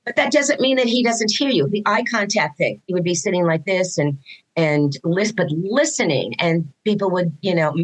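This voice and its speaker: A woman's voice: medium pitch, moderate pace, rough recording. A woman guest in a casual interview, talking about her son, telling stories with lots of restarts and acting out what people said. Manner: animated storytelling, acts out quoted dialogue, frequent restarts. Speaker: guest, mother of a neurodivergent son.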